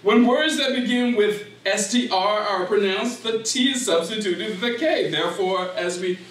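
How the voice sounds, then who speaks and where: An older man giving a lively, interactive lecture in a library room. He talks slowly and deliberately, laughs often, and quizzes his audience. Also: sits high, slight background noise. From Gullah Geechee community, South Carolina. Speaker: speaker. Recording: echoey room, from far off.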